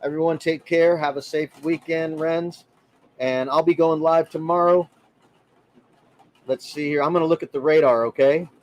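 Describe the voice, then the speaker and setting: A man's voice: a little high, fairly even intonation, moderate pace. A man hosting a casual livestream from his RV, chatting and greeting viewers by name in a friendly way. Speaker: livestream host. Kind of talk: casual livestream chat reading comments.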